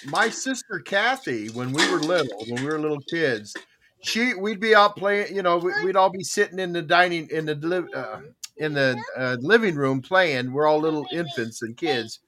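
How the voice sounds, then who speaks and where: A man's voice: fairly high pitch, expressive, normal speed, background noise. A middle-aged man hosting a casual podcast chat, telling stories animatedly and acting out family voices. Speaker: podcast host.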